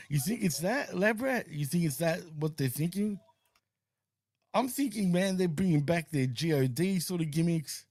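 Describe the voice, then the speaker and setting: A man's voice: fairly high pitch, lively intonation, a little slow, darkish tone, dry recording. A man hosting a casual wrestling watch-along stream, laid-back and swearing, tacking "man" and "bro" onto his sentences. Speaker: host.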